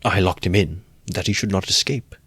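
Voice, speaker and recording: A man's voice: low voice, normal speed, a bit bright, slightly rough, dry recording. A man voicing a sly middle-aged male magistrate who mocks and gloats. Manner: sly, mocking, playful.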